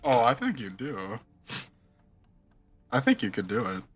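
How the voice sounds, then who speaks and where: A man chatting casually as a player in a tabletop game, eager and loud. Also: medium pitch, wildly swooping pitch, measured pace. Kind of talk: casual chat.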